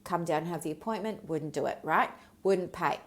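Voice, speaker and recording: A woman's voice: fairly low pitch, moderate pace. A middle-aged woman hosting a solo podcast, telling a story from her practice in a candid, chatty way and drifting onto tangents. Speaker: podcast host and business mentor.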